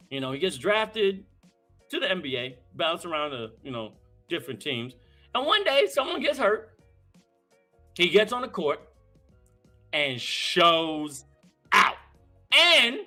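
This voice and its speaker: A man hosting a live-streamed talk show, hyped and slangy, full of shout-outs, with faint music behind him. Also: a little high. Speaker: host.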